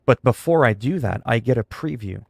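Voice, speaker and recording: A man's voice: mid-range voice, expressive, moderate pace, creaky, husky, no room sound. A man livestreaming from his computer, venting in a frustrated, sarcastic way during casual stream chat.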